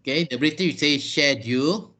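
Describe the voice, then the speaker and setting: A man with a Malaysian accent teaches English over a video call, patiently fielding questions in an online class and explaining things step by step. His voice is fairly high, expressive and unhurried, with a sharp tone.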